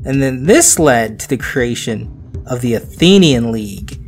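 A man's voice: mid-range voice, animated, unhurried. A man hosting a podcast, telling history in a casual, joking way that drops into silly voices, with faint music behind. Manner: jokey, laughs often, drops into silly voices. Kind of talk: casual storytelling chat.

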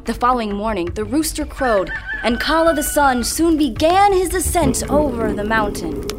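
Woman narrator for a legend, expressive and animated, bright higher voice, music underneath. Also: moderate pace. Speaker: storyteller. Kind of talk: read-aloud legend narration.

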